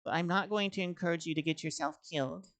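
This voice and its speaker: Brief: a woman playing a worried, caring healer girlfriend, soft and lowish. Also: steady tone, quick pace, slight background noise, close to an everyday voice. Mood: gentle, worried. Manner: gentle, pleading.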